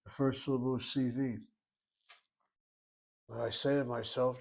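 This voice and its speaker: A man's voice: mid-range voice, flat delivery, normal speed, vocal fry, long pauses, a little mellow. A man teaching a recorded language lesson, working through each word aloud, step by step and methodically. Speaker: Hebrew teacher.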